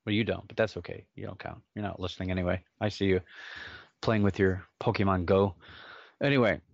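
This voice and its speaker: A man's voice: deep voice, fairly even intonation, a little fast, gravelly, no room sound, highs cut off. A man hosting a solo podcast, rambling casually with self-mocking jokes and sidetracks. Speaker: podcast host.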